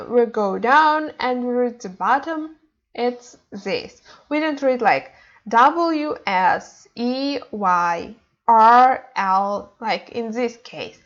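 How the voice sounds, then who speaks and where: A woman's voice: on the high side, dull audio. A woman teaching a beginner lesson, explaining step by step with many fillers and restarts. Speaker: language teacher.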